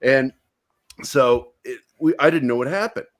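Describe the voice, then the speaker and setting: A man co-hosting a podcast, telling a crude high-school story in a profane, animated way. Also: a little slow. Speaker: podcast co-host. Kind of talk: casual storytelling chat.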